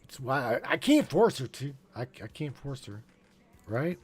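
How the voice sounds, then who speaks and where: Man, call-in show host, playful, teasing, slow-spoken, lively pitch. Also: husky. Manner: animated, playful, drawn-out exclamations. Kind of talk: live call-in broadcast.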